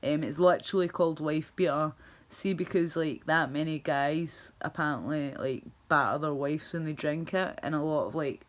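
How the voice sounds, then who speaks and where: A woman's voice: low-pitched, moderate pace, highs cut off. A Scottish woman livestreaming, chatting casually and rambling as she reacts to viewers' comments. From Scotland.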